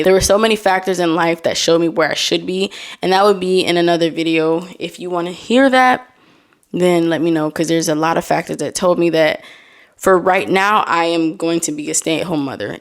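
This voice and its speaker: A young woman hosts a relaxed solo podcast, chatting through posts she reads aloud. Her voice sits a bit low for a woman. She breaks into laughing asides as she goes. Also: moderate pace. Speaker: podcast host. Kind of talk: casual solo chat.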